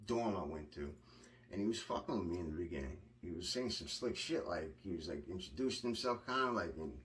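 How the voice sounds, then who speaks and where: Blunt, cursing New man, low voice. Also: expressive, brisk, a bit bright, far from the mic, slight background noise. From Long Island, New York. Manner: blunt, profane, rambling with restarts. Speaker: vlogger recounting prison experiences. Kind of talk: casual storytelling monologue.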